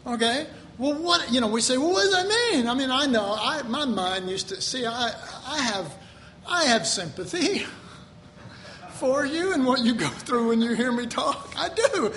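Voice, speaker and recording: A high-pitched man preaching to a congregation. He talks in an animated way, jumps into exaggerated quoted voices, and chuckles often between lines. A faint room hum sits behind him. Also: measured pace. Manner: chuckles often while talking. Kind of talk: sermon.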